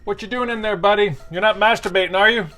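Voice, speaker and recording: A man's voice: high-pitched, fairly even intonation, fast, sharp tone, faint music behind, pitched above the performer's own voice. A man voicing a father who talks very seriously to his young son. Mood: stern. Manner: serious, warning tone.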